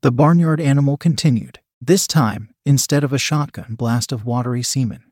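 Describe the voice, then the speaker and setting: Husky man reading a story. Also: mid-range voice, moderate pace, a little mellow, dry recording, clean studio sound. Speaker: narrator. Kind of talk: audiobook reading of adult fiction.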